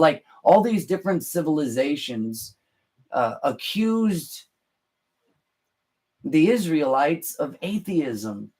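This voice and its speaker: A man talks through scripture at an unhurried, deliberate pace, often stopping to restart a phrase. His voice sits a little higher than most men's. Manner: halting, many restarts and fillers, slow and deliberate. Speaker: podcast host. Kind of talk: unscripted talk explaining scripture.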